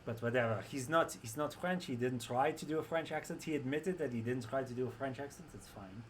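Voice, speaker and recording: A man's voice: medium pitch, a little fast. A young man talking casually on his stream, wry and rambling, often restarting his sentences. His voice sits in an ordinary middle range. A faint hiss runs under the recording. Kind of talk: casual chat.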